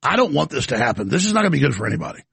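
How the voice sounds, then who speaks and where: A man's voice: medium pitch, sing-song, racing, creaky, fairly bright tone, breathy edge, no room sound. A male talk show host taking calls, blunt and skeptical with the caller. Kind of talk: call-in radio talk.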